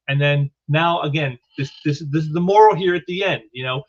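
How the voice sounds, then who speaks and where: Male comic reviewer, rambling and halting, slightly high voice, muffled recording. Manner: halting, repeats words often. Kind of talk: casual comic book commentary.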